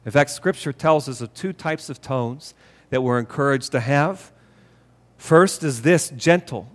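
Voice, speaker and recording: A man preaches a sermon as pastor in a church sanctuary, speaking earnestly in a medium-pitched, unhurried voice. He repeats key phrases for emphasis, and the recording has the long reverb of a church hall.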